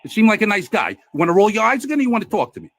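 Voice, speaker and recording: Loud combative man, high lively voice. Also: very fast. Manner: loud, combative, talks over others, lots of repetition. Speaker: plumber filming a confrontation at a post office. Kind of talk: heated argument while filming. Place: indoors at a post office counter.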